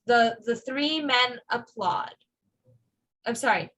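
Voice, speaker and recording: A woman teaches English pronunciation at an unhurried pace. Her voice is a little husky and sits slightly high. She is patient and repeats each sound for her students. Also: animated, fairly bright tone, rough recording. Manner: patient, slow and repetitive, modeling sounds for students. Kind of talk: online class lesson.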